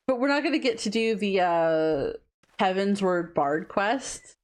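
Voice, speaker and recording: A woman streamer chatting casually while she plays a game, who swears and often trails off mid-thought. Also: mid-range voice. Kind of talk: casual gameplay stream chat.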